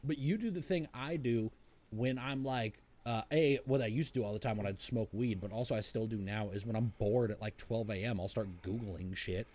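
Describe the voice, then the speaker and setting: A man's voice: medium pitch, a little mellow. A man co-hosting a podcast, telling rambling crude stories in casual chat. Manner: rapid rambling storytelling, crude. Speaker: podcast co-host.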